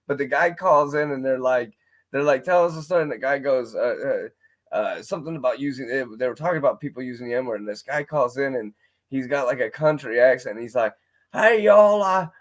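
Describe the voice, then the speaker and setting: A man chatting casually in a group discussion, telling an animated story and swearing casually. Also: mid-range voice, fairly quick.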